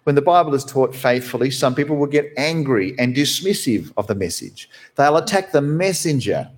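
A man who is a pastor, preaching a sermon from behind the pulpit in an animated, conversational way. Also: normal speed. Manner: animated, conversational preaching with wide swings in pitch.

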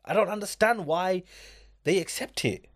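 A man's voice: sits high, moderate pace. A man in a casual discussion, speaking emphatically and often asking his listener if he gets it. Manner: emphatic, keeps asking "do you get it?".

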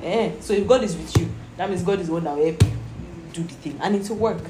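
A fast-talking woman with a fairly low voice and a Nigerian accent teaches scripture. Earnest in manner, she asks her listeners over and over, "Do you understand?" Music sits behind her in an echoey, roomy recording.

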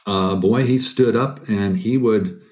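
A man's voice: fairly low pitch, slow. A middle-aged man, a biblical counselor, answering interview questions in an earnest, storytelling way. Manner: earnest, animated storytelling with quoted asides. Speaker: guest, biblical counselor and author.

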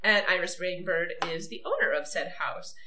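A woman hosting a podcast in casual chat, enthusiastic and quick to laugh. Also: fairly low pitch, pushed and bright, reverberant. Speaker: podcast host.

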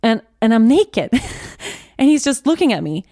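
A young adult woman hosting a podcast, telling a personal story in a halting way, often restarting and repeating herself. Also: on the high side, very animated, mellow, no room sound, studio quality. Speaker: podcast host.

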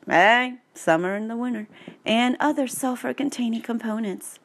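A woman's voice: on the high side, normal speed. A woman reading technical text aloud, with playful, sarcastic asides. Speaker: vlogger. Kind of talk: joking read-aloud commentary.

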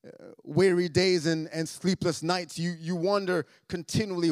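A man preaching a sermon as a pastor, repeating his phrases and swinging between soft and loud delivery. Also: high-pitched, fairly even intonation, normal speed, no room sound, clean studio sound. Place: church sanctuary.

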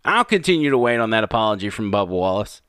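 A man's voice: on the low side, big pitch swings, fast talker, a bit bright, smooth, dry recording, clean studio sound. A man giving sarcastic, mocking opinion commentary over clips.

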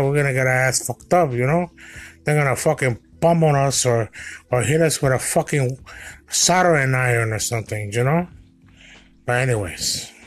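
A man hosting a comedy podcast, talking in a crude, swaggering monologue full of profanity. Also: mid-range voice. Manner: profane, swaggering, drawn-out delivery. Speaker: podcast host.

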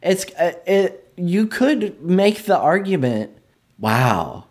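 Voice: medium pitch, sing-song, takes it slowly, a little mellow. A podcast co-host in casual chat, thoughtful, laughing easily.

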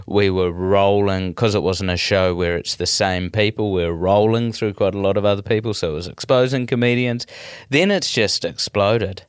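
Lively New Zealand comedian, lower voice. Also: male voice, smooth, no echo, clean studio sound. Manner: rambling, animated storytelling with many restarts. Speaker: comedian, guest. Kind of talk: casual interview chat.

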